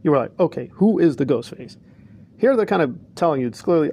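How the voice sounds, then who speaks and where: A man's voice: fairly high pitch, animated, a little fast, mellow, slightly rough. A man talking through a movie trailer in a casual, opinionated reaction, rambling with frequent asides. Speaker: film reviewer.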